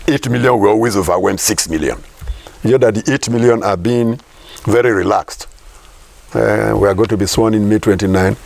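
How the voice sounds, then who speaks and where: Emphatic Nigerian man, husky and gravelly. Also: fairly low pitch, darkish tone. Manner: emphatic, repeats points, rhetorical questions. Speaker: professor and political commentator. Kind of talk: political interview.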